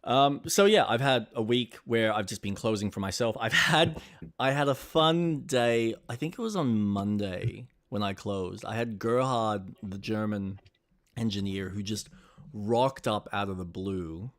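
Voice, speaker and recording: Low-voiced young guy on a stream, dry close mic, chatty, swears, does little voices for people in his stories. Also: a little slow, no echo. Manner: swears freely, acts out quoted people. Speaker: podcast co-host. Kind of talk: casual chat.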